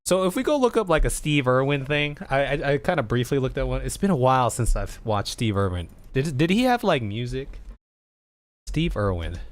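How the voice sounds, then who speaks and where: A man's voice: medium pitch, sing-song, a little fast. A man streaming as he edits a video, thinking aloud, repeating himself and laughing often. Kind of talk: casual live commentary.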